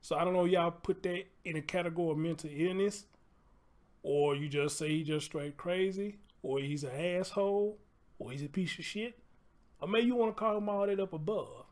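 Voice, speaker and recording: A man's voice: high voice, moderate pace, darkish tone. A man hosting a casual livestream, chatty and loose, swearing freely and repeating phrases as he talks to viewers. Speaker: livestream host.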